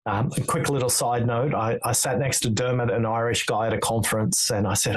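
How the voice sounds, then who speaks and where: A man speaking as a guest on an interview show. He explains ideas in a measured, unhurried way, often with quoted exchanges. His pitch is in the middle range for a man. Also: fairly even intonation, low-quality recording. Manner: measured, explanatory, tells stories with quoted dialogue. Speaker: podcast guest, author on listening. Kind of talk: interview conversation.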